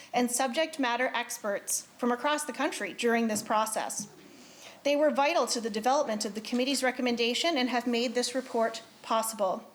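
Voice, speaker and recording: A woman's voice: high-pitched, a little hiss or hum. A woman presenting a committee report in a legislature, reading in a formal, earnest way. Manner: earnest, grows emotional. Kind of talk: formal legislative speech, read aloud. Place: legislative chamber.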